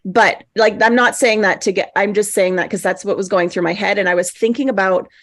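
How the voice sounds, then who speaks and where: A woman's voice: mid-range voice, steady tone, brisk. A woman chatting on a video call, hesitant and self-deprecating. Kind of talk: casual online group chat.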